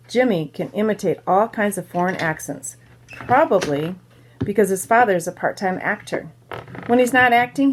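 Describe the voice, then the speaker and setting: A woman teacher reading a children's novel aloud to her students, pausing to explain words and ask questions. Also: medium pitch, a little mellow. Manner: pauses to explain to listeners.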